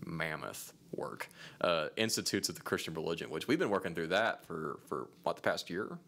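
This podcast co-host is a man with a low-pitched voice and noticeable vocal fry, speaking at a moderate clip. He's lively and animated in casual conversation, at one point reading out a lengthy passage.

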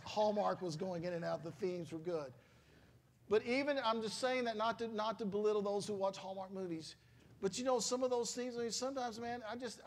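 A middle-aged man, a pastor, preaching a sermon in a conversational, emotional storytelling manner with exclamations. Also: high voice.

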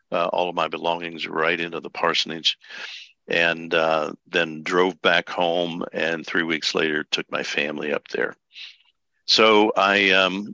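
Older man in his 70s, pastor telling life story; low voice, unhurried, folksy fillers. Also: vocal fry, pushed and bright, no room sound, lo-fi sound. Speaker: podcast guest, pastor. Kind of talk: storytelling interview.

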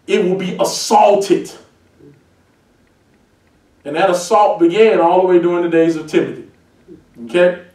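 Man, pastor, emphatic sermon, shouted peaks, distant mic. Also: high-pitched, fairly even intonation, unhurried, long pauses. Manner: emphatic, builds to shouted points. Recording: echoey church heard from a distance.

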